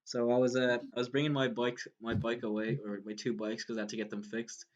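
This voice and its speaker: A man's voice: medium pitch, little pitch movement, fairly quick, lo-fi sound. Rambling young Irish man telling a story. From Ireland. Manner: rambling storyteller, many "like"s, laughs while talking. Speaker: podcast co-host. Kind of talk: casual chat.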